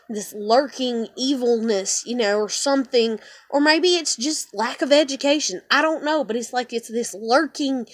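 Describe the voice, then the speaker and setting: A woman's voice: high-pitched, dry recording. A young woman venting in a heated, rambling, profane monologue. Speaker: vlogger.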